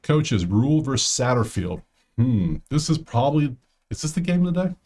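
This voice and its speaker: A man's voice: mid-range voice, very animated, normal speed, dark tone. A man hosting a sports betting show, thinking aloud in a casual solo commentary full of fillers and restarts.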